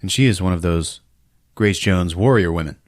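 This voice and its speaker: A man's voice: sits low, normal speed, no echo, studio quality. Profane joking man recapping a film. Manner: profane, laughing, acts out scenes. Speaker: podcast host.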